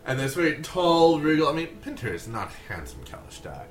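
A man playing a tabletop game who narrates his character's actions in a vivid, halting way. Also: a little high, very animated, a bit bright, roomy sound. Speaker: player.

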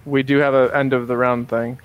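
A man's voice: medium pitch, flat delivery, fairly quick, muffled recording, noisy background. A man playing a tabletop game, speaking in a matter-of-fact way. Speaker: player. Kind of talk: casual chat at a game table.

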